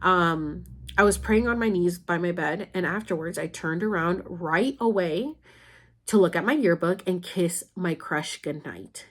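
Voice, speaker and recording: A woman's voice: on the low side, a little slow. Candid young woman telling a hard story. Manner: candid, emotional, blunt with swearing. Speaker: vlogger. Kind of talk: personal storytelling, addressing her mother.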